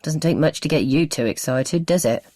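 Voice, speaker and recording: A woman's voice: deep voice, moderate pace, mellow, dry recording. A woman voicing a grumpy teenage boy who mutters dry, sarcastic remarks at his little sisters. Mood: grumbling.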